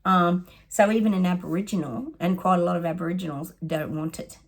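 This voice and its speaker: A woman's voice: lowish voice, steady tone, brisk. A middle-aged Australian woman, a psychic giving casual predictions, chatty and sarcastic, often laughing.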